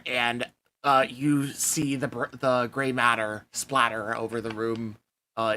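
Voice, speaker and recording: A man's voice: medium pitch, sharp tone. A man narrating as game master of a tabletop game, swearing casually and laughing as he talks.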